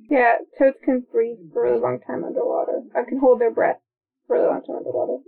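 A chatty, excitable woman co-host reacts to a film and reads out her notes. Her voice sits fairly high with a gravelly fry. The sound is thin and tinny, like a phone line. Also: a little fast. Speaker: podcast co-host. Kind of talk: casual movie-watching chat.

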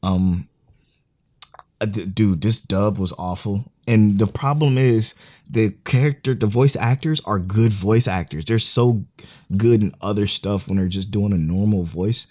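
A man's voice: fairly low pitch, a little slow, a little mellow. A man in casual conversation about an anime series, talking bluntly with plenty of profanity. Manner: blunt, profane, exasperated venting. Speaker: co-host reviewing an anime series. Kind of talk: casual podcast chat.

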